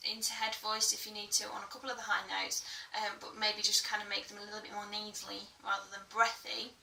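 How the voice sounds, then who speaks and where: A woman's voice: mid-range voice, vocal fry, bright, forceful tone, recorded from a distance. A woman singing teacher giving a chatty vocal tutorial, full of fillers and breaking into belted sung demonstrations. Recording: echoey room, a little off-mic, faint music.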